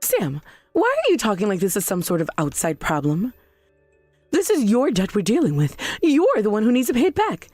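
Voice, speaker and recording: A woman voicing a self-righteous middle-aged mother in a scripted drama, shrill, demanding and defensive. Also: huge pitch swings, moderate pace, darkish tone, no room sound, soft background music. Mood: outraged.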